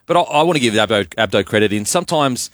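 A man's voice: mid-range voice, animated, quick pace, a bit bright, dry recording. A man co-hosting a sports radio show, talking casually with lots of fillers and restarts. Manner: hesitant, filler-heavy, laughs easily. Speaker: radio co-host.

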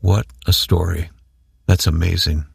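A man's voice: sits low, flat delivery, measured pace, vocal fry, husky, dry recording, clean studio sound. A man hosting an interview, encouraging his guest with short prompting questions. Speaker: interview host. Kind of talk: conversational interview.

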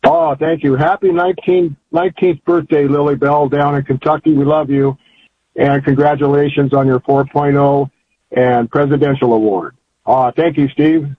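An older man phones in to a radio show, rambling along in a folksy, emphatic way over the line. His voice sits fairly high with a steady tone, a moderate pace and a breathy edge.

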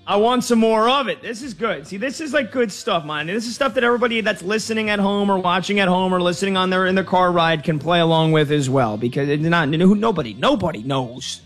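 A male sports radio host with a somewhat high voice, talking fast and animated. He banters with his crew, jokes around, and runs a trivia segment with real energy. There's faint music under him. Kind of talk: lively sports talk show banter.

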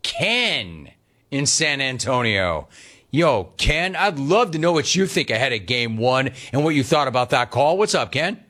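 A man hosting a sports talk radio show, teasing callers in an animated way. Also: medium pitch, a little slow. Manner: animated, mock-serene teasing. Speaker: radio host.

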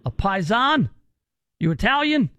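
A man's voice: high voice, big pitch swings, unhurried, bright, forceful tone, no room sound. A male radio host running a call-in game, teasing and bantering with energy.

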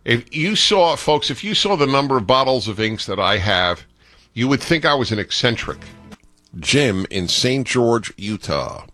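A man's voice: mid-range voice, sing-song, unhurried, sharp tone, no echo. A man hosting a call-in radio talk show, talking in a playful, theatrical, opinionated way.

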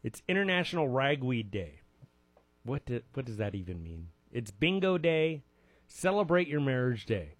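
A man in his forties hosts a live radio show in a jokey, rambling, self-mocking way. His voice sits at an ordinary middle pitch. The studio sound is dry and close. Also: sing-song, moderate pace, dry recording. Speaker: radio host. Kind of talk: casual rambling radio chat.

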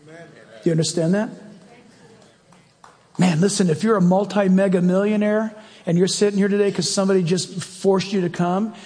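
Emphatic high-voiced preacher in a hall. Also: male voice, fairly even intonation, moderate pace, long pauses, darkish tone. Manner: emphatic, conversational, asks the crowd questions. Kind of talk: sermon.

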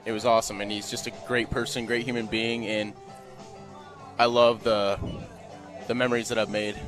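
A man in his twenties, a volunteer assistant coach, answering interview questions in a halting, rambling way. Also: lowish voice, level tone, music in the background. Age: 20s. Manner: halting, full of fillers and restarts. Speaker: guest, former player and volunteer assistant coach. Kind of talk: radio interview.

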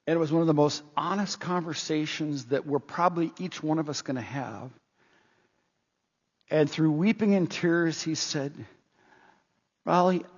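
A man's voice: on the high side, breathy edge. A man preaching a sermon as pastor, earnest and full of rhetorical questions, in a church. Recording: dull lo-fi sound with long hall reverb.

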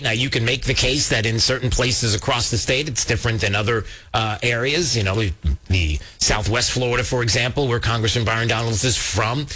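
A man's voice: mid-range voice, bright, forceful tone. A man hosting a political talk show in a rambling, casual way with lots of filler words.

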